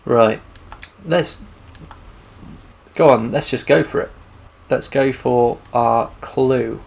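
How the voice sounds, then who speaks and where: A man's voice: medium pitch, slow, gravelly, husky. A man casually musing aloud as he plays through a detective video game. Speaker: gamer. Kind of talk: gameplay commentary. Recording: game music behind.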